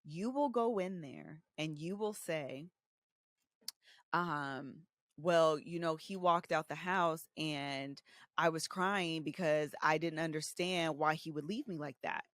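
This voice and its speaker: A woman in her thirties, co-hosting a podcast and telling candid stories about her own marriage, animated and casual, acting out the voices she quotes. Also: low-pitched, slow pace, no echo. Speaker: podcast co-host. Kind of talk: candid conversational storytelling.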